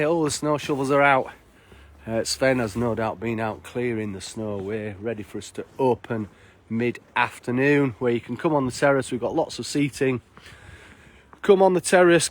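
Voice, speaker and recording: A chatty man hosts a live walking stream outdoors on snowy streets, greeting his viewers one by one. His voice sits at an ordinary middle pitch. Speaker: live-stream host and bar worker.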